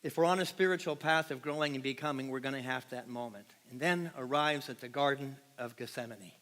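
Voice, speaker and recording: A man preaching a passionate sermon to his congregation, swinging from loud emphatic peaks to quiet, hushed lines and often asking the room questions. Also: medium pitch, brisk. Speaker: pastor. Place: large church sanctuary. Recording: long hall reverb.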